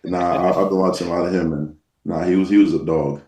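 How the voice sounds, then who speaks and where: A young man with a very low, dark, mellow voice talks easily as a football player guest. He sounds like he is on a remote call, set back from the mic in an echoey room. He speaks in a relaxed way, with frequent ums and nahs. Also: quick pace. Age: young adult. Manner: laid-back, uses fillers like um and nah. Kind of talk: casual interview chat. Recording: echoey, distant call audio.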